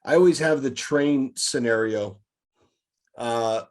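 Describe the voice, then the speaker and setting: A man's voice: medium pitch, takes it slowly. A man hosting a directors' meeting, talking casually and acting out scenarios as he tells them. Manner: lively storyteller, acts out scenarios. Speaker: meeting host, childcare director. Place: online meeting.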